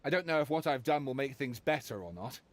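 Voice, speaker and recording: A man's voice: mid-range voice, animated, fast talker, slight background noise, natural voice. An actor playing a male detective in a game, confessing earnestly and rambling a bit. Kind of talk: game voice acting.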